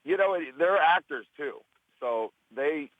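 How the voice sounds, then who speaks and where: A man's voice: a little high, animated, takes it slowly, dry recording, phone-quality sound. A man guesting on a radio show, telling stories in a rambling, self-interrupting way while hungover.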